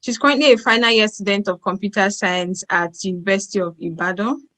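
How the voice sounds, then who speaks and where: A woman's voice: medium pitch, fairly even intonation, a little fast, bright, forceful tone, low-quality recording. A woman hosting an online event, hesitant and apologetic, often restarting her sentences. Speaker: event host.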